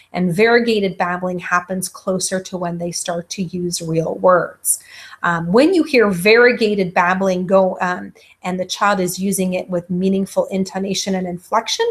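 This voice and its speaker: Lady lecturer talking through a class, lots of um, acts out baby noises now and then. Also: mid-range voice. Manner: frequent ums, demonstrates baby sounds. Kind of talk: recorded university lecture.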